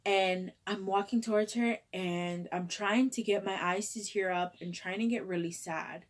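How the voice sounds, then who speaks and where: A young woman vlogger casually retelling a story in a chatty, animated way, acting out the dialogue. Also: medium pitch, moderate pace.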